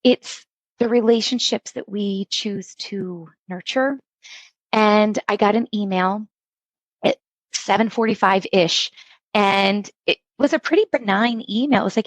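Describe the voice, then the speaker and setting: A woman's voice: mid-range voice, measured pace, no room sound. A middle-aged woman, an instructional coach, telling stories in a podcast interview and acting out the quoted dialogue. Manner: animated storytelling, acts out quoted dialogue.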